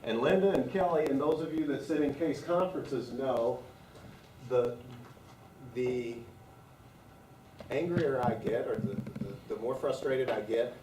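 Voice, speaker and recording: A man's voice: medium pitch, unhurried, pauses often, a little mellow, slight background noise. A man leading a staff training class, talking conversationally and asking the room questions. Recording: echoey room from far off.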